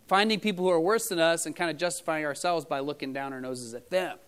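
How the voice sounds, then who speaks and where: High, smooth-voiced male preacher. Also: fast talker, a bit bright. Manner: conversational, storytelling with many fillers. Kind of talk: casual sermon. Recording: church audio recording.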